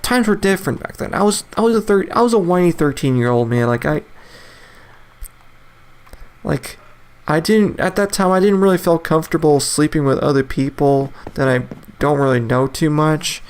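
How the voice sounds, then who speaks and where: A man's voice: fairly high pitch, normal speed, clear, resonant tone. A young man in his twenties hosting a casual solo podcast, rambling with many fillers, restarts and frequent laughs. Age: 20s. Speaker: podcast host.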